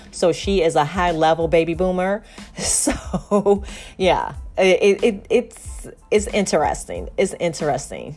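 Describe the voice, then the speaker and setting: A middle-aged woman from Chicago speaks on her solo podcast in a candid, rambling way, restarting her sentences and filling pauses as she thinks aloud. Her voice sits slightly low for a woman. Faint music plays behind her. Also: a little mellow. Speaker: podcast host. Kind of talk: casual solo podcast monologue.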